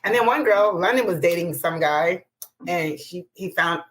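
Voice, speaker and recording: A woman's voice: fairly low pitch, moderate pace, low-quality recording. A woman in her forties from Pasadena, California, a former exotic dancer, telling stories in a casual chat and acting out the people she quotes, laughing often. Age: 40s. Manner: animated storyteller, acts out quoted voices, laughs often.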